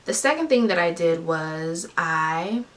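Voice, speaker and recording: A woman's voice: fairly low pitch, expressive, measured pace, fairly bright tone. A young woman telling a personal story to her viewers in an emphatic, candid way. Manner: emphatic, talking straight to viewers. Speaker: vlogger. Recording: voice a bit far from the mic, faint hiss.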